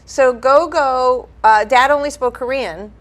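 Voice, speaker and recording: Woman, podcast co-host, slightly high voice, chatty animated storyteller. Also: measured pace. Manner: animated storytelling, emphatic repetitions. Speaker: podcast co-host, dog trainer. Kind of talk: casual chat.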